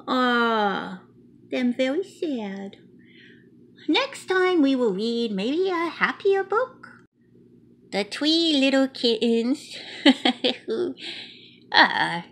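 A woman's voice: on the high side, fairly bright tone, full character voice. A woman voicing a cute, chatty little male mouse who reads a picture book aloud in a childlike, playful way with broken grammar. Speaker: storybook reader.

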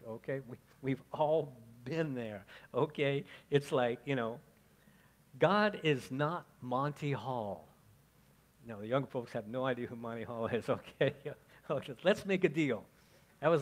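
A man's voice: medium pitch, animated, measured pace. A male pastor preaching a conversational sermon, often checking in with "okay?" and asking the congregation questions. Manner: chatty, asks the congregation questions, frequent "okay?".

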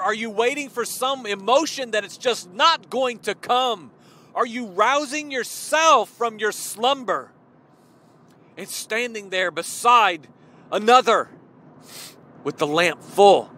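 A man's voice: very high voice, bright, forceful tone. A man preaching a sermon, retelling a parable and addressing his listeners directly with emphatic questions. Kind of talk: sermon storytelling.

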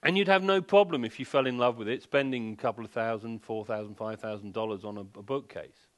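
A man's voice: mid-range voice, fairly quick. A man giving a sleep seminar in a furniture showroom, joking and firing rhetorical questions at the audience. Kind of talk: public lecture to a live audience.

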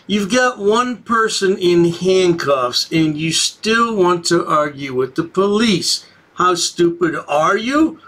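A man's voice: high-pitched, a bit bright. A man hosting a commentary channel, mocking the people in the clip in a sarcastic, sing-song way. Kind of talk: sarcastic commentary over video.

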